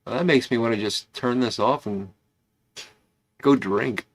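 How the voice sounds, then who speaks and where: A man's voice: medium pitch, a little slow. A man hosting a casual pipe-smoking livestream, rambling and chatty as he greets viewers by name.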